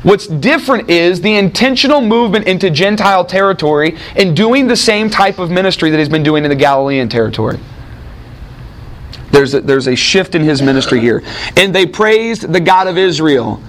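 A man with a high voice lectures to a class on a Gospel passage. He keeps asking the room questions and then answers them himself. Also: expressive, normal speed. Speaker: Bible teacher.

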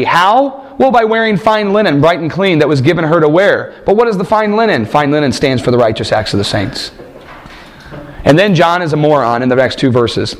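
A man's voice: on the high side, expressive, a little fast. Emphatic man preaching a sermon. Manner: emphatic, rhetorical questions, repeats phrases for stress. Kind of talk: sermon with scripture reading.

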